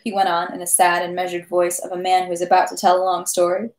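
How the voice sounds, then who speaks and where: A woman reading a classic novel aloud at a steady pace, with small slips and self-corrections. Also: on the low side, fast, few pauses. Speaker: reader of a novel. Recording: echoey room.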